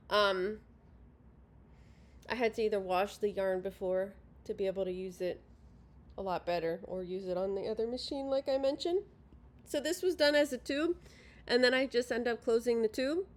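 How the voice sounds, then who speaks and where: A woman's voice: fairly high pitch, a little mellow. A woman casually showing her handmade crafts at home, rambling with many ums and self-corrections, and a little sleepy. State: yawning, sleepy. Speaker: crafting vlogger. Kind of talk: casual show-and-tell. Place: at home by a sofa.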